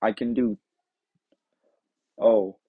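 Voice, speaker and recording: A man's voice: on the low side, fairly even intonation, very slow, slightly rough, dry recording, phone-quality sound. A man hosting his own podcast in a casual, rambling, self-deprecating way, often trailing off. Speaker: podcast host. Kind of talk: casual chat.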